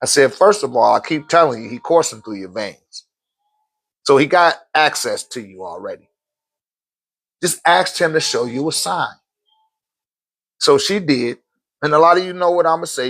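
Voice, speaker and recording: A man's voice: mid-range voice, moderate pace, long pauses. A man, a spiritual teacher telling stories in casual teaching talk, acting out quotes and laughing often. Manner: animated storytelling, acts out quotes, laughs often.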